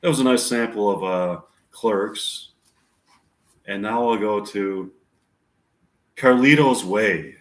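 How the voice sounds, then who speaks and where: A man reading his own screenplays aloud and introducing the scenes, stopping and restarting as he goes. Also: on the low side. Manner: rambling, halting restarts. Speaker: amateur screenwriter. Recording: echoey room.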